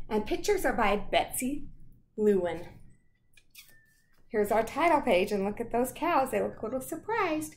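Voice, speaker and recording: A woman teacher sounding out words slowly and reading a picture book aloud to children. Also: a little high, very animated, reverberant. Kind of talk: storytime lesson and read-aloud.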